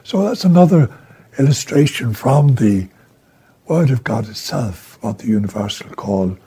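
Guy preaching a sermon, rough creaky voice, goes hushed then loud, really lively pitch. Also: moderate pace. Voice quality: breathy, often dropping to a whisper. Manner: emphatic, swings from hushed to raised.

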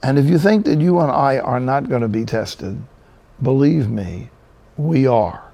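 Older male preacher, gravelly and mellow, folksy sermon storyteller. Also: mid-range voice, unhurried. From New Jersey. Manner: storytelling, folksy and animated with quoted asides.

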